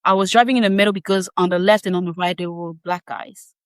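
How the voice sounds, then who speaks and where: A woman guest on a podcast, telling a personal story in a casual, animated way with frequent laughs and quick asides. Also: lowish voice, clean tone, no room sound.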